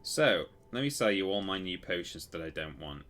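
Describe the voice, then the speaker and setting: A man's voice: sits low, big pitch swings, moderate pace, fairly bright tone. A man casually commenting while he plays a game on a live stream, rambling and correcting himself as he tells stories. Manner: rambling, self-correcting storyteller.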